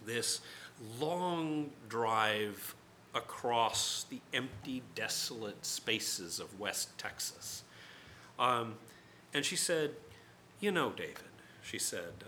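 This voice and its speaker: A man tells a personal story in an easygoing, conversational way, wandering off on side paths and filling pauses with ums and uhs. His voice is bright and crisp. His pitch sits in a middle range. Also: a little hiss or hum. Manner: conversational, digressive, with many fillers. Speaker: writer.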